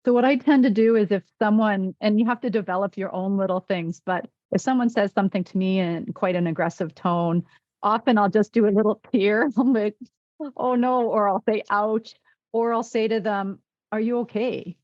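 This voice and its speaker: A woman's voice: medium pitch, steady tone, fairly quick, dry recording, lo-fi sound. A woman physician and wellness coach in a podcast interview, telling stories and acting out quoted dialogue.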